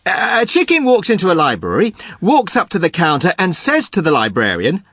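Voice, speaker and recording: A man's voice: high-pitched, huge pitch swings, brisk, fairly bright tone, husky, dry recording, clean studio sound, full character voice. An actor playing an eager, bumbling joke-teller in a scripted podcast, stumbling over his starts. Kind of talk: scripted comic podcast segment.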